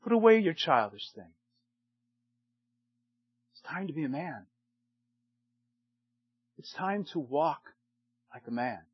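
Older male pastor, emphatic sermon delivery, high and dry, loud then hushed. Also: sing-song, slow pace, pauses often, husky, no echo, lo-fi sound. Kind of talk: sermon to men.

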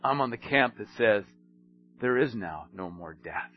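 A man preaching a sermon, swinging between hushed asides and emphatic storytelling. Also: lowish voice, animated, a little slow, highs cut off, a little hiss or hum.

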